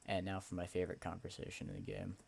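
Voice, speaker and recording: A man's voice: low voice, completely flat delivery, fast talker, vocal fry, a little mellow, slight background noise. A young man casually commenting on and reading through a video game he made, in a lightly sarcastic way. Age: young adult. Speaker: game maker playing his own game. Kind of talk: let's play commentary and reading.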